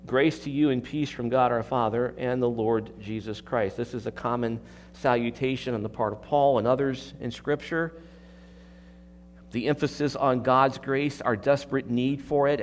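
A man preaching an expository sermon as pastor, earnest, moving from hushed stretches to emphatic ones, with playful asides to the congregation. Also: mid-range voice, slight background noise.

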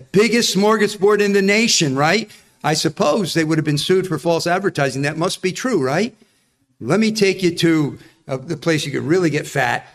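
Guy preaching a sermon, kinda high voice, acts out the quotes, keeps asking the church stuff. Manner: animated, acts out quoted voices, asks the congregation questions. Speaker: pastor.

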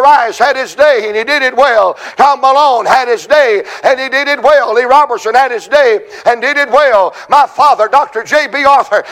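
Preaching a conference sermon, a Virginia man in his sixties speaks in a very high-pitched voice. His fervent, rhythmic repetition builds up to shouted peaks.

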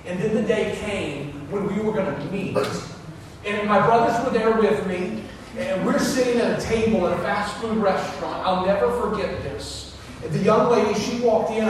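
A man in his forties preaching a sermon as pastor, telling stories with big swings from loud to soft. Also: high-pitched. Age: 40s. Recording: echoey hall, voice from far off, noisy.

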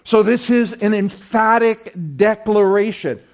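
A man preaches a sermon in a high, ringing voice. He leans hard on key phrases and draws them out. The congregation answers him throughout. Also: flat delivery, unhurried. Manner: emphatic preaching with call-and-response. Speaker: pastor.

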